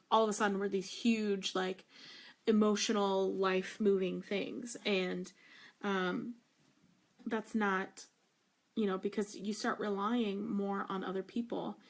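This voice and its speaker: Gushing young woman's faith vlog. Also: mid-range voice. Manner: gushing, emphatic, lots of "like" and "um". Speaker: faith vlogger. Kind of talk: casual devotional vlog.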